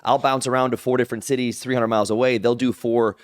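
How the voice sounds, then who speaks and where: Animated male interview guest, dry sound. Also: medium pitch, fast talker, clear, resonant tone, no room sound. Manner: animated, acts out others' voices in quotes; rambling with restarts and "like". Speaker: guest, pro wrestler. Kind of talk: casual interview storytelling.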